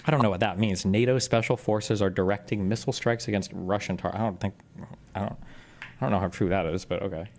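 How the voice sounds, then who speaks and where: A man streaming a reaction to a video, talking casually with sarcastic loud outbursts and mocking laughs. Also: lowish voice, fairly even intonation, fast talker.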